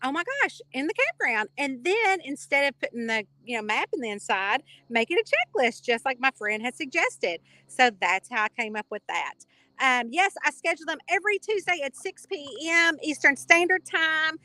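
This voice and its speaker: Bubbly Kentucky woman, bright voice. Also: high voice, lively intonation, moderate pace, no room sound. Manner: chatty, rambling, bubbly, reads out viewer comments. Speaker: author hosting a live reader chat. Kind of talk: casual livestream chat.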